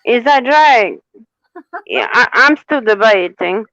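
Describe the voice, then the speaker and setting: A woman's voice: fairly high pitch, animated, slow pace, a bit bright, dry recording. Sassy, playful woman reading tarot. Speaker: tarot reader. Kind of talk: live tarot reading chat. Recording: dull, muffled mic.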